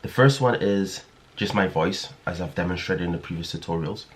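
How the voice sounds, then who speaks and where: A man's voice: low voice, moderate pace. A man hosting a casual music production tutorial, talking in a hesitant way with many fillers and restarts. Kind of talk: casual screen-recorded tutorial.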